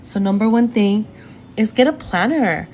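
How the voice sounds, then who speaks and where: A woman's voice: mid-range voice, lively intonation, moderate pace, darkish tone. Young woman, astrology reader, chatty live stream, phone mic at home, faint background hiss. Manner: chatty, goes off on tangents, addresses viewers directly. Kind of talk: live-stream reading, casual chat.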